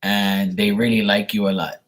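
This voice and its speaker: A man's voice: fairly low pitch, level tone, moderate pace. A man giving casual live tarot readings and teasing viewers as he answers them. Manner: teasing, talks back to chat. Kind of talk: casual livestream chat.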